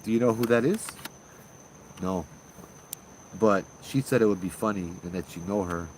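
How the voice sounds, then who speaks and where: A man quoting an older man from in a low, quiet, flat voice. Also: normal speed, slight background noise, natural voice, low-quality recording. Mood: quietly eerie. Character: older local man, calm and unsettling.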